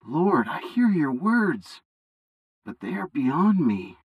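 A man doing a young boy prophet in a read-aloud bible story, timid and unsure of himself. The voice sits higher than a grown man's and moves widely, pleading and questioning. It is unhurried, close and dry. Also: sing-song, slightly rough, no echo, exaggerated voice, rough recording. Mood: confused.

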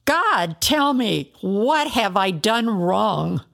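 A woman's voice: mid-range voice, expressive, slow pace, vocal fry, heavily acted. A woman voicing a grieving, ruined man in a storybook reading, anguished and pleading as he questions God.

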